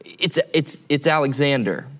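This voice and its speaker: A man's voice: mid-range voice, little pitch movement, moderate pace, fairly bright tone, voice pushed down, close to an everyday voice. A man voicing a frightened young male soldier who stammers apologies in a retold sermon story. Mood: nervous.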